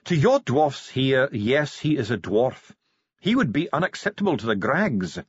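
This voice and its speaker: A man's voice: medium pitch, sing-song, a little slow, slightly rough, no echo, muffled recording, pitched above the performer's own voice. A man doing a haughty, sneering dwarf steward. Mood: disdainful. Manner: pompous, clipped and condescending. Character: haughty male dwarf steward, cold and disdainful. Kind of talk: audiobook character voice.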